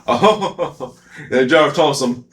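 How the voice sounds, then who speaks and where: A man's voice: fairly high pitch, animated, drawn-out words, a bit bright, echoey room. A man giving a casual, rambling anime commentary, slangy with many fillers and frequent laughter. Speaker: anime reviewer.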